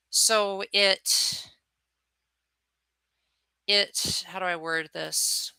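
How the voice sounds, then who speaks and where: A woman's voice: medium pitch, expressive, takes it slowly, sharp tone, clean tone, no echo, rough recording. A young adult woman chatting casually on her livestream, reacting to viewers and acting out little quotes. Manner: chatty, answers viewers' chat, acts out quotes. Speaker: livestream host.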